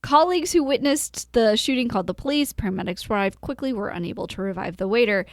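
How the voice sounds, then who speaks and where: A woman's voice: on the high side, fast, no echo, studio quality. A woman co-hosting a podcast who reads a news story aloud in casual chat, giggly, trailing off, with lots of fillers. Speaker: podcast co-host.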